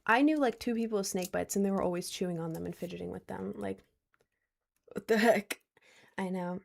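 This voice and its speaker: A woman's voice: medium pitch, vocal fry, darkish tone, a little hiss or hum. A woman of twenty chatting casually on a stream, answering viewer questions in a rambling, giggly way with lots of restarts. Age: 20s.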